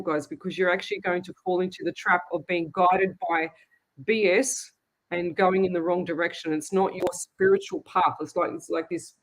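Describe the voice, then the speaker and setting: An Australian woman, a psychic medium, hosting a live show and chatting frankly with her viewers. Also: on the low side. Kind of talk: casual live-stream chat.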